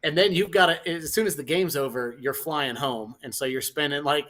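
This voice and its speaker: A man co-hosting a football podcast, chatting in a relaxed, wry way. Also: a little high, normal speed. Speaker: podcast co-host. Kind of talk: casual chat.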